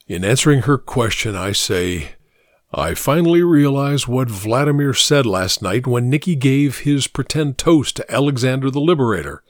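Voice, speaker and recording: Brief: male narrator, middle-pitched, measured reflective storytelling, dry close recording. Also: dry recording.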